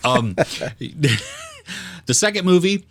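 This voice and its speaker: A man who is a guest on a casual movie podcast, chatty and quick to laugh. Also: high-pitched, lively intonation. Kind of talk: casual chat.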